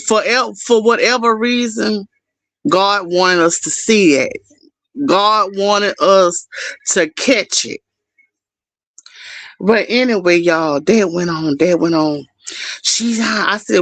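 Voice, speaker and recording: Slow, gravelly middle-aged woman storyteller. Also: mid-range voice, no room sound. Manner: animated, talks straight to her viewers. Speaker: livestream host. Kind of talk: casual storytelling.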